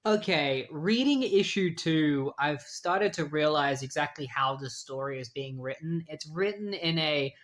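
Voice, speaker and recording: A man's voice: fairly high pitch, measured pace, hardly any pauses, fairly bright tone. Chatty man retelling comics. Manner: loose, chatty, frequent "like". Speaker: comic book reviewer.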